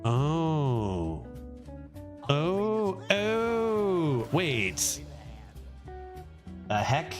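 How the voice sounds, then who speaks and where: A man livestreaming a card game, giving excitable, casual commentary and laughing often. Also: on the high side, normal speed, soft background music.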